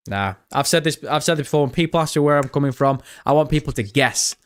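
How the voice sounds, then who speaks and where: A man's voice: medium pitch, expressive, brisk, no echo, clean studio sound. A man with a northern English accent, live-streaming reaction commentary in a chatty, joking way, reading viewer messages aloud. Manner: chatty, jokey, reads chat aloud.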